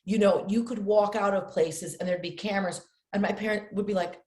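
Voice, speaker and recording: A middle-aged woman telling animated stories as a podcast guest, acting out the voices of her family. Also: mid-range voice, fairly quick, reverberant. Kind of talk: casual storytelling interview.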